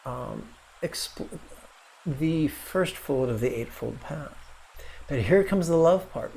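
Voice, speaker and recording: A man's voice: mid-range voice, creaky, darkish tone, slight background noise. A man teaching meditation in a video lesson, wry, with playful asides.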